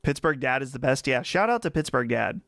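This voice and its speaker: A man's voice: medium pitch, expressive, brisk, vocal fry, a bit bright, no room sound. A man with a Western Pennsylvania accent hosting a casual live chat stream, chatty and rambling on a close mic. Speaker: livestream host.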